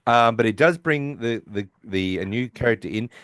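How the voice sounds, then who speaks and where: A man's voice: medium pitch, animated, moderate pace, fairly bright tone, no echo. Man, podcast co-host, rambling recap, voices the characters, dry close sound. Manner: rambling, acts out characters' lines while retelling. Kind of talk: casual episode recap chat.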